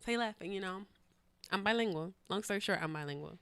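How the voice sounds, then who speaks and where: A woman co-hosting a podcast in casual chat, telling stories in an animated way, swearing freely and laughing often. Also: mid-range voice, fast, clean tone. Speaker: podcast co-host.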